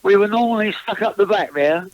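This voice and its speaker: An older man with a fairly high voice chats his way through old tour stories, often restarting sentences and chuckling as he goes. The sound is dry and close, with a dull, lo-fi quality. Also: a little fast, no room sound. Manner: chatty, rambling with frequent restarts and chuckles. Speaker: guest musician, former backing singer. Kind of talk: casual interview anecdotes.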